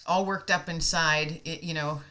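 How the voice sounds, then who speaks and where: A woman's voice: sits low, fairly even intonation, unhurried, bright, forceful tone. An American woman telling a heartfelt personal story in casual conversation, emotional and laughing often.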